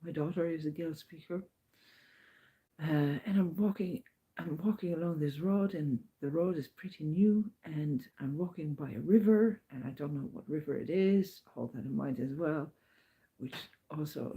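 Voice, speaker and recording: A middle-aged woman walking as a pilgrim, telling a rambling travel diary with storytelling, sometimes dropping to hushed whispers. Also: low voice, measured pace, low-quality recording.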